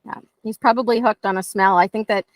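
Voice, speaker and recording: A woman's voice: mid-range voice, fairly even intonation, brisk, no room sound. A woman dog trainer teaching conversationally, telling stories and acting out dialogue in playful voices.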